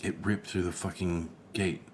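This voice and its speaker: A man's voice: low-pitched, flat delivery, normal speed, a little hiss or hum. A man co-hosting a casual movie-review podcast. He is laid-back and tired late at night, swears freely, and often trails off mid-thought. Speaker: podcast co-host.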